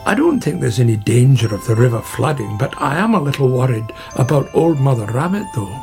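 Man doing a grumbling, gravelly old badger. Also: medium pitch, very animated, brisk, darkish tone, faint music behind. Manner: gruff, grumbling and muttering.

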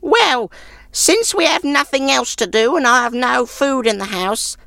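A cranky old cottage woman in a storybook, her voice pitched way up high and shrill, snorting and grudging every word she gives. she comes across dry and close to the mic. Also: lively intonation, unhurried, creaky, sharp tone, dry recording, faint music behind, exaggerated voice. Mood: sour grudging. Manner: snorting, ungracious.

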